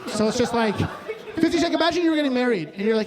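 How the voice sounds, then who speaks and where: A man's voice: extremely high pitch, expressive, racing. A man performing a live stand-up set in a bar, rambling and crude, often cutting himself off mid-sentence. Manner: rambling, crude, self-interrupting. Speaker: stand-up comedian. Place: bar stage before a crowd. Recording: live bar with crowd noise. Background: audience laughter.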